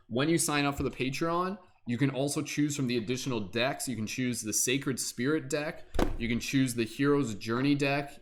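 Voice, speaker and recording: A man hosting a tarot livestream in a casual chat, upbeat and quick, often dropping "like" into his speech. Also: mid-range voice. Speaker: tarot reader and livestream host.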